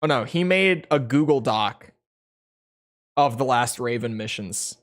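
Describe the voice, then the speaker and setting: Streaming a game, this young man keeps up casual commentary, mocking the mission text with snarky asides. He sounds animated, with a medium pitch and a measured pace.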